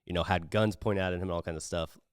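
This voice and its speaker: A man hosting a podcast, talking in a relaxed, supportive way with fillers between his guest's stories. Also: low-pitched, quick pace, clean tone, no room sound, studio quality. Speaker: podcast host. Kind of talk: casual interview talk.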